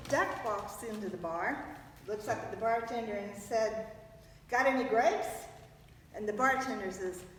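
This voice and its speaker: A woman's voice: medium pitch, normal speed, a bit bright. A woman casually telling a joke with an easygoing delivery. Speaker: folk musician telling jokes. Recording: echoey hall from far off, faint noise.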